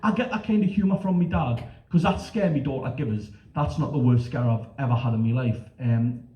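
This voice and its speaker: A man's voice: medium pitch, brisk, recorded from a distance. A middle-aged man from northern England with a northern English accent, telling sweary stories in a stand-up comedy set and putting on voices for the people he quotes. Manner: brash, sweary storytelling with lively voices for quotes. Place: comedy club stage. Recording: roomy, dull live-club recording with noise.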